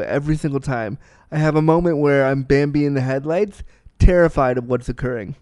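A man's voice: medium pitch, fairly quick, a little mellow, no room sound. A man in his thirties giving a candid, casual film review, blunt and profane, with self-deprecating asides.

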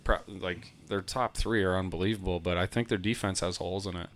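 A man co-hosts a casual studio podcast, chatting and tossing in quick jokes. His voice sits a little low. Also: fairly even intonation, dry recording. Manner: chatty, quick joking interjections. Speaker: podcast co-host.

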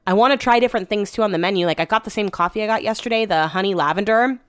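A woman's voice: medium pitch, rapid-fire, a bit bright, clean tone, no echo. A young woman podcasting in a casual, rambling chat, retelling her day with exasperation.

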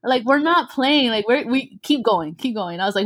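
A woman's voice: on the high side, animated, normal speed, a bit bright. Young woman telling a story. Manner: mixes English and Spanish, swears freely, laughs often. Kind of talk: casual chat.

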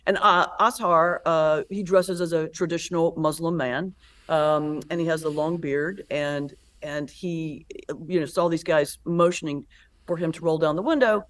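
A woman pastor and comedian, a guest in an interview, telling stories in a lively, animated way. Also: low-pitched, a little slow. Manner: animated storyteller, lively retelling with laughs. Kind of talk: conversational interview.

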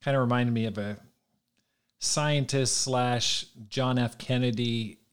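An interviewer at a middle pitch who listens closely and offers warm affirmations. The questions come out in a conversational way, with a few stumbles and restarts as the speaker gathers thoughts. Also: fairly even intonation, slow pace, clear, resonant tone. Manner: attentive, affirming, hesitant restarts.

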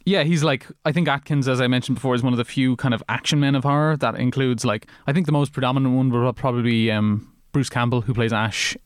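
A man's voice: mid-range voice, fairly even intonation, fast, hardly any pauses, clean tone, no echo, clean studio sound. Rambling man discussing films. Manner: rambling, many fillers and restarts. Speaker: podcast co-host. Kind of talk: casual film discussion.

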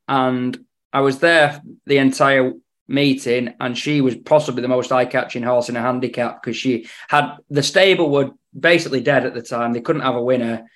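A man's voice: medium pitch, steady tone, moderate pace, a bit bright. Man chatting horse racing tips. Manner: hesitant, repeats words, dry humour. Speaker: racing tipster on betting podcast. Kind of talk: casual podcast chat.

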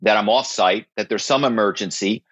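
A man telling stories as an interview guest, emphatic and animated, often checking in with "right?". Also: lowish voice, fairly quick, slightly rough, dry recording. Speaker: guest, former actor and corporate spy. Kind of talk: interview conversation. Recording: slightly dull, dry.

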